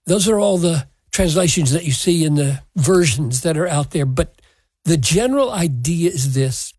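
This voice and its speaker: Man, pastor, sermon, earnest, unhurried delivery, dry close sound. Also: a little high, expressive, darkish tone, breathy edge, no echo. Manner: slow, earnest, emphatic scripture exposition.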